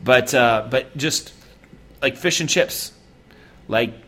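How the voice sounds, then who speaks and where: A man's voice: medium pitch, takes it slowly, bright, forceful tone. A man from the United States co-hosting a podcast, chatting casually and joking with frequent laughs. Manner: joking, laughs often, rambling. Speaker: podcast co-host.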